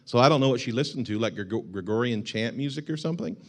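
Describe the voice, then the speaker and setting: A young adult man who is a pastor, preaching a sermon in a church in a joking, animated way. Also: mid-range voice, quick pace. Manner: joking and animated, with laughs and put-on shouts. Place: church sanctuary.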